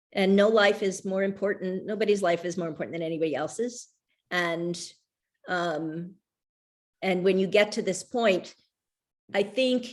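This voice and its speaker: A middle-aged woman speaking as an author guest, reflective and rambling, with frequent restarts and trailing thoughts. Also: medium pitch. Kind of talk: conversational talk over a video call.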